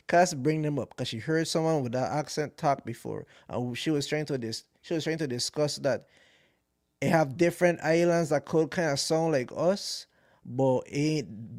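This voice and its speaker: A young man with a Caribbean accent, co-hosting a casual podcast and talking loudly and excitably, swearing freely. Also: mid-range voice, no room sound, clean studio sound. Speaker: podcast co-host.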